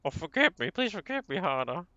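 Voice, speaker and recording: A man voicing a stressed, pleading middle-aged male magazine editor in a high, whiny voice while reading a game aloud. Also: wildly swooping pitch, moderate pace, creaky, a bit bright, no echo, heavily acted. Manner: high-pitched, whiny, plaintive. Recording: slightly dull lo-fi stream audio with faint music.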